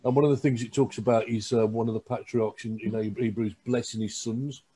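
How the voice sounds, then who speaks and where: A man hosting as pastor, speaking in a gentle, affirming way. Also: medium pitch, fairly even intonation, brisk, breathy edge. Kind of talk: casual chat.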